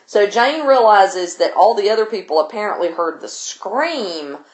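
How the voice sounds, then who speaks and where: A woman's voice: medium pitch, animated, a little slow, echoey room. A woman teacher, casually retelling a novel for her class in a loose, chatty way. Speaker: literature teacher.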